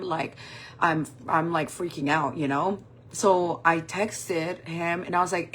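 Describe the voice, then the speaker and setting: This woman in her forties, a makeup vlogger, tells a personal story as she does her makeup, swearing freely and animatedly acting out what others said. Her voice is on the low side and her pace measured.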